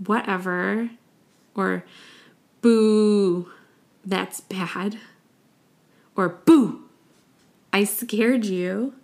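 Young woman podcaster, slow and easygoing, playful, laughs a lot. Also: medium pitch. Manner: playful, demonstrates sounds with frequent laughter. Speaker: podcast host. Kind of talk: casual solo podcast talk.

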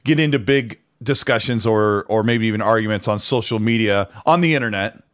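A man's voice: on the low side, fairly quick, fairly bright tone. A man co-hosting a casual gaming podcast, talking in a rambling way with frequent restarts. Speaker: co-host.

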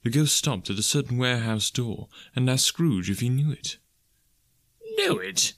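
A man narrating a classic story as an audiobook, measured and expressive. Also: mid-range voice, dry recording, clean studio sound.

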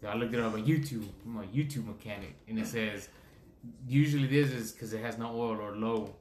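A man's voice: lowish voice, brisk, a little mellow. Podcast host, middle-aged man, loose and profane, Spanish slang, echoey room with faint hum. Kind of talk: casual chat.

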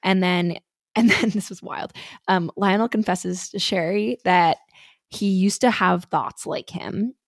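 A woman's voice: medium pitch, measured pace, no room sound. Swearing woman recapping a show, dry. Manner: swears a lot, many fillers, laughs while recapping. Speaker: podcast co-host. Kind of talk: casual chat.

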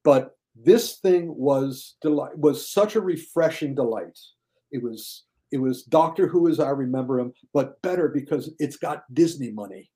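An older man talking casually as a podcast guest, lively, often mimicking others in high mocking voices. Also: moderate pace. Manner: animated, mocks critics in high shouted voices. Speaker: guest film critic.

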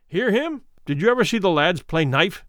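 A man's voice: sits high, very animated, moderate pace, a bit bright, no echo, clean studio sound. A man voicing a coarse, domineering small stranger who mocks and bullies his companion in a spoken story. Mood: taunting. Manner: mocking, bullying taunts.

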